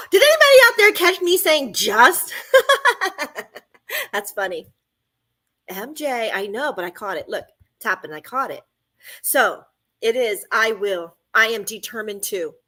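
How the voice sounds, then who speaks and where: A woman's voice: medium pitch, bright, forceful tone. A woman hosting an inspirational radio talk show, speaking in fervent, repetitive affirmations into a studio microphone.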